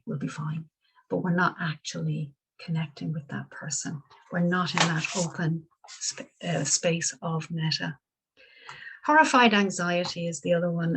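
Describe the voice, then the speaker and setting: A middle-aged woman giving a dharma talk as a Buddhist teacher, gentle and reflective, pausing and restarting often. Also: on the low side, gravelly, breathy edge, rough recording.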